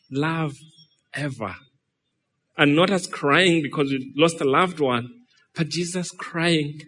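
A man preaching a sermon, animated and dramatic, acting out quoted speech and shifting from loud rhetorical questions to hushed, slowed lines. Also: a little high. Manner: acts out quotes and imagined dialogue in the middle of preaching.

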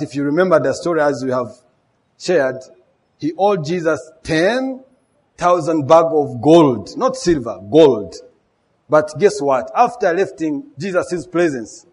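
A man's voice: on the high side, a little mellow, breathy edge. A man preaching a sermon, emphatic, with rhetorical questions and repeated key words.

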